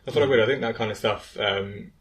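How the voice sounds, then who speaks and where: A man co-hosting a podcast, chatting casually and chiming in with quick remarks. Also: lowish voice. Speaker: podcast co-host. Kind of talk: casual chat.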